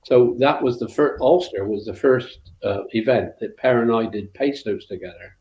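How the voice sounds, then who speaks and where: Guesting on an interview, an older West Country man spins anecdotes from his time as a rally co-driver at a moderate pace and medium pitch. He rambles with frequent fillers and restarts, and the sound is roomy, dull and lo-fi.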